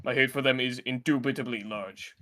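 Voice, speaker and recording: A man's voice: medium pitch, steady tone, fairly quick, very noisy, natural voice. A man voicing a blunt male barbarian who hates tyrants. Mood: grumpy. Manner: blunt, plain-spoken.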